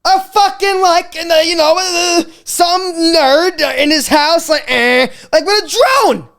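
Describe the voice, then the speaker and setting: A woman in her twenties hosting a podcast, telling a comic story in an animated, swearing way with stammered restarts. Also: very high-pitched, a little slow. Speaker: podcast host. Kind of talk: comedic storytelling monologue.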